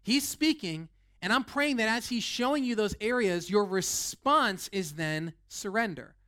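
Young male pastor, high voice, excitable sermon delivery full of restarts and "like.". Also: a little slow. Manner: fired-up, rambling with many "like" and restarts. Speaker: lead pastor. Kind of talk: energetic sermon.

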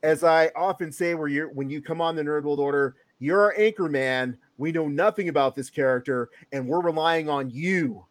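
A man's voice: a little high, normal speed, few pauses. A man hosting a podcast, introducing his co-hosts in a hyped announcer style and leading casual chat. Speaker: podcast host.

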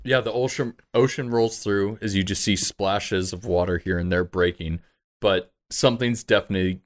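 A man narrating a tabletop game as game master, relaxed, jokey and freely swearing. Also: fairly low pitch, moderate pace.

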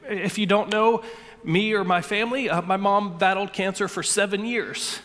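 A pastor with a notably high voice delivers an earnest sermon to his congregation, often stumbling into a repeated word before a phrase. His voice carries a long reverb from the large sanctuary around him. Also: a bit bright. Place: church sanctuary.

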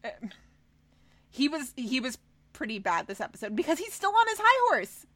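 A woman co-hosting a podcast in casual chat, animated and swearing, mimicking people in mocking voices. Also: sits high, normal speed, dry recording. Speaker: podcast co-host. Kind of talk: casual chat recapping a TV episode.

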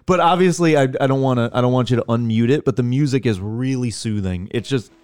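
A man's voice: medium pitch, fairly quick, clear, resonant tone, faint music behind. Laughing, chatty podcast guy. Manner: laughing, animated storytelling. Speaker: podcast co-host. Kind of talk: casual group chat.

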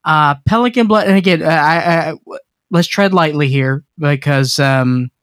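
Man, slightly higher voice, joking podcast co-host, rambling with restarts, dry close mic. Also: moderate pace, a bit bright, no echo. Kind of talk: casual chat about horror films.

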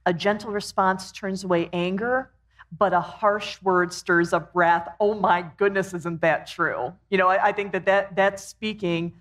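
A middle-aged woman co-hosting a faith-based marriage talk, chatty and warm, quoting scripture. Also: medium pitch, fairly even intonation, unhurried. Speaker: co-host.

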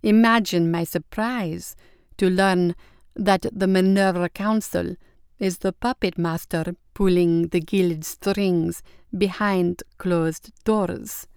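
A sly young countess who feigns innocence while needling her listeners, as a woman narrator plays her. She speaks slowly and sweetly in a low, smooth voice, close and dry. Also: steady tone, darkish tone, dry recording. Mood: mock innocent. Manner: slow, sweetly innocent, mock-polite.

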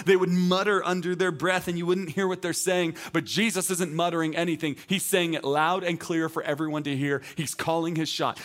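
Bright-voiced man preaching a sermon. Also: high voice. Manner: conversational, emphatic, rises to loud proclamations. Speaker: teaching pastor.

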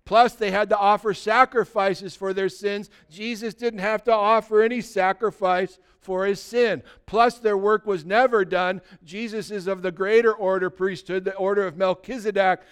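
A man's voice: sits high, fairly even intonation, moderate pace, hardly any pauses, clean tone. A male pastor delivering an earnest sermon, exhorting his congregation directly.

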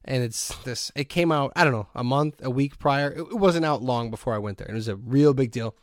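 A man hosting a podcast, telling a long story in a casual, animated way and often breaking into laughter. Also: medium pitch, fairly quick, no echo, studio quality. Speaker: podcast host.

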